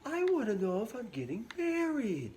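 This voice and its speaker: Guy putting on a squeaky impatient teen girl voice, whiny valley-girl falsetto, way up high. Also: huge pitch swings, moderate pace, darkish tone, a little hiss or hum, exaggerated voice.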